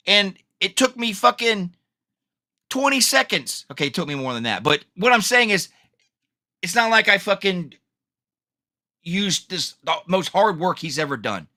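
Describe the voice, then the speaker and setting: On his own podcast, a man delivers a solo rant full of anger and heavy profanity. His voice is high with a sharp edge.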